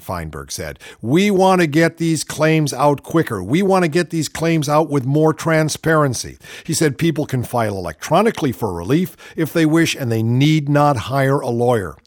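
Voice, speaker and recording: A man's voice: medium pitch, no room sound, studio quality. A man hosting a political talk radio show, reading news items and breaking in with sardonic, mocking asides.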